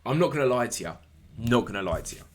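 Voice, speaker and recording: A man giving a casual solo wrestling show review, energetic and repetitive, talking straight to his viewers. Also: mid-range voice, quick pace.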